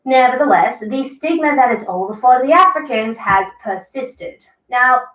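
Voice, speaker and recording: A woman narrating a scripted news report in a measured, informative way. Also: high voice, animated, fairly bright tone. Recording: roomy, distant played-back clip.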